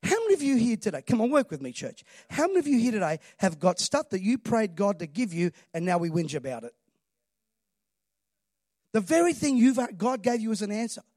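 A pastor preaches with emphatic energy and keeps calling on the congregation to answer him. His voice sits notably high for a man, and the recording is close and dry, with little room sound. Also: big pitch swings, a little fast, darkish tone, no echo. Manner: emphatic preaching, calls for audience response. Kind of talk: sermon.

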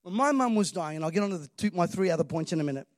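A pastor preaches with emphatic energy and keeps calling on the congregation to answer him. His voice sits notably high for a man, and the recording is close and dry, with little room sound. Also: expressive, racing, no room sound. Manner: emphatic preaching, calls for audience response. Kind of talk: sermon.

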